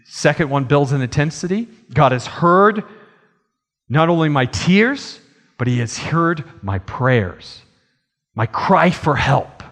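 A man preaching a sermon in an earnest way, slowing and rising in emphasis on key phrases. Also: on the high side, sing-song, a bit bright. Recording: long hall reverb.

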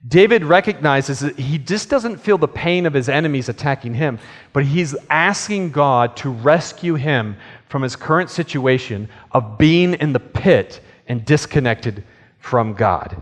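A man's voice: medium pitch, lively intonation, measured pace. Earnest preacher man in a reverberant hall. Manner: earnest storytelling, acts out pleading quotes. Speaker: pastor. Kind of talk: sermon.

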